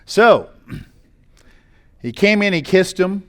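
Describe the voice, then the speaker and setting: A man's voice: high-pitched, lively intonation, very slow, fairly bright tone. A middle-aged American man, a pastor, preaching a sermon, reading scripture aloud and commenting on it in a conversational way.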